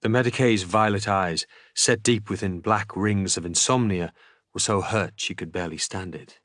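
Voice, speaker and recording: A man reading a novel aloud in an expressive, dramatic audiobook style as a streamer. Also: on the low side, moderate pace, no room sound, clean studio sound.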